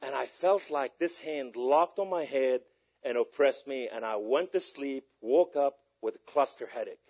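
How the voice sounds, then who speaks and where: A husky-voiced preacher quoting a young woman in his story. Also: medium pitch, unhurried, a little mellow, close to an everyday voice. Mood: hushed. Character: frightened young woman asking about his faith.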